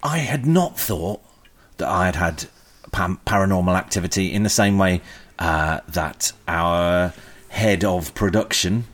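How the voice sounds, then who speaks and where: Husky man, rambling chat. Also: sits low, measured pace. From England. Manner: rambling, hesitant with many ums. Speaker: podcast co-host. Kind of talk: casual chat.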